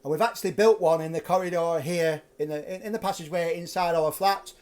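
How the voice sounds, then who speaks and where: A man hosting a live stream from his flat, telling a ghost story in a chatty, animated way. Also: fairly high pitch, fast. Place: flat at home.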